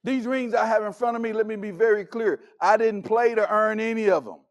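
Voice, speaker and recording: A man delivers a motivational keynote in a high voice. He tells personal stories with emphasis and acts out each exchange. He speaks with the force of a practiced stage speaker. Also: fairly quick. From Texas. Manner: dramatic, acts out dialogue, emphatic.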